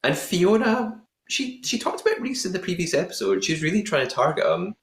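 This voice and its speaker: A man's voice: high voice, big pitch swings, a little fast. A man hosting a podcast, recapping an episode in a playful, chatty way with lots of puns. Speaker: podcast host. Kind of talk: casual podcast recap chat. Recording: roomy echoing room sound.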